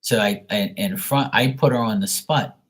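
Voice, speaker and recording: Husky, low-voiced man rambling on a live stream. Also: normal speed, a bit bright. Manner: rambling, profane, blunt. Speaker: live tarot reading host. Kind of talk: casual storytelling on a live stream.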